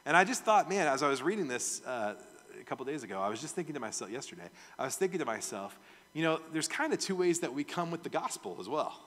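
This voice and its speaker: A man's voice: on the high side, big pitch swings, fast talker, a bit bright. Male pastor, conversational, in a reverberant hall. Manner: conversational, asks the audience questions. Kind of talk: verse-by-verse sermon. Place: church sanctuary.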